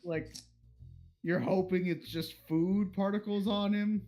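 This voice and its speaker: A man's voice: high-pitched, fairly even intonation, takes it slowly, warm tone, soft background music. A man narrating as game master, crude and playful, slipping into characters' voices.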